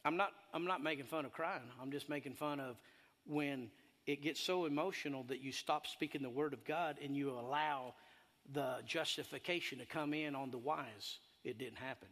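A man preaching a sermon as pastor, his voice climbing high and loud when he presses a point. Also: normal speed. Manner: animated preaching, voice rising high and loud on emphasis. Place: church hall. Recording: long hall reverb.

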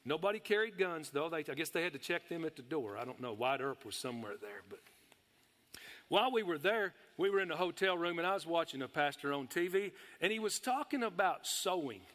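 A middle-aged man preaching a sermon, folksy and excitable, breaking into shouts of praise. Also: fairly high pitch, fairly quick. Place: church hall. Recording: long hall reverb.

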